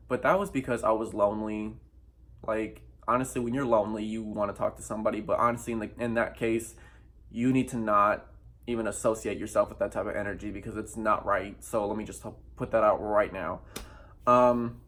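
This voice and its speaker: Young man telling a candid storytime. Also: lowish voice. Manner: candid and emphatic, swears often, acts out quoted lines. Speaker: vlogger. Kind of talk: personal storytime vlog.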